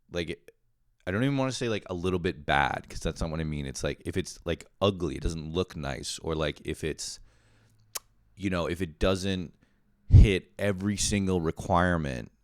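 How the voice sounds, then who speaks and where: A man's voice: deep voice, no echo, studio quality. A man hosting a podcast, talking in a rambling, profane casual monologue full of fillers. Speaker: podcast host.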